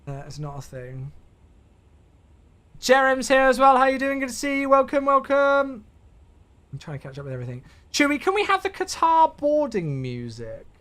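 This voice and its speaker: A man's voice: very high-pitched, huge pitch swings, moderate pace, a bit bright. A man streaming a flight simulator, chatting casually with viewers, thanking them and joking to himself.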